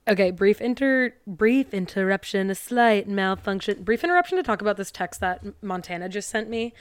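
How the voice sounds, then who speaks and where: A woman's voice: mid-range voice, lively intonation, fairly quick, smooth, no room sound. A young woman hosting a podcast, recapping a TV movie in a casual, sarcastic way and acting out the characters' lines.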